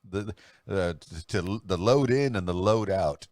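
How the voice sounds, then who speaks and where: A man's voice: sits low, moderate pace, darkish tone, dry recording, studio quality. A middle-aged man, hosting his own podcast in a chatty, self-amused way. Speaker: podcast host and DJ. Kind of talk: casual solo podcast talk.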